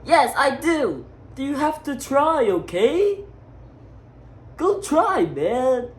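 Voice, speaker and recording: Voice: high voice, sing-song, takes it slowly, pitched above the performer's own voice, exaggerated voice. A performer voicing a pushy friend who coaches with bossy encouragement.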